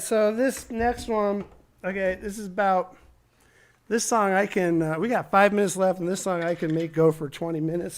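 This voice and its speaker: A man who sings and plays guitar, bantering loosely between songs on a live stage and trailing off into quiet, joking asides. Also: high-pitched, a little hiss or hum. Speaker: band singer and guitarist. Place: live stage at a barn music venue. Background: guitar strumming under the talk.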